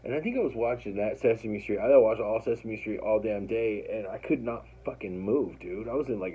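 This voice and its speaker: A man's voice: fairly low pitch, breathy edge, phone-quality sound. A man casually telling a personal story, rambling and profane, acting out what others said. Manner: rambling, profane, animated retelling with quoted voices.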